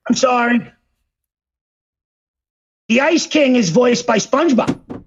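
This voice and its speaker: High-voiced, crude man, lo-fi sound. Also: takes it slowly, husky. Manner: crude, rambling, mimics celebrity voices. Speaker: podcast co-host. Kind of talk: casual chat.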